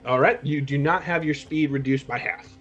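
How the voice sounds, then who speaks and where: A man's voice: on the high side, moderate pace, fairly bright tone, muffled recording, soft background music. A man narrating as game master of a tabletop game, easygoing and laughing often.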